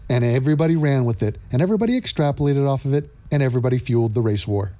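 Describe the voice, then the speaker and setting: Sarcastic man with a lively, mellow voice. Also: medium pitch, very fast. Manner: sarcastic, mocking. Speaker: commentator. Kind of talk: opinion commentary vlog.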